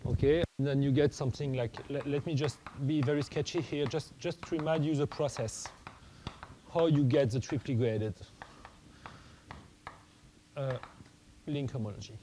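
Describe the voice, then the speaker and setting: Halting male math lecturer, mellow voice. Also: medium pitch, a little hiss or hum, poor audio. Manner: halting, many restarts and fillers, thinking aloud.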